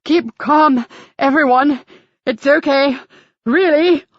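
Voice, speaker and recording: A woman's voice: medium pitch, moderate pace, dry recording, muffled recording, lightly acted. A woman voicing a theatrical male church tour guide in an audiobook, with polished, showman-like patter. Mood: urgent.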